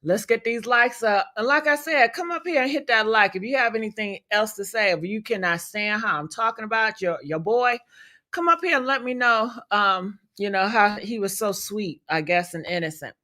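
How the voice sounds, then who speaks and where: A woman's voice: mid-range voice, moderate pace, bright, forceful tone. A woman hosting a livestream, giving blunt, profane commentary and talking to her chat. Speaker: livestream host.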